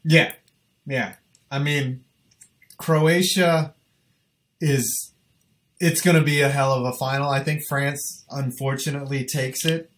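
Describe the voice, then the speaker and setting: Male co-host, mid-pitched, irreverent casual sports banter. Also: steady tone, slow, long pauses, a bit bright.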